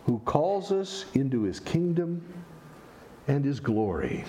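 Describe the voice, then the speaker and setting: A man's voice: mid-range voice, sing-song, slow, long pauses, warm tone, slight background noise. A man preaching a sermon, explaining scripture with rhetorical questions and wry asides. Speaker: pastor.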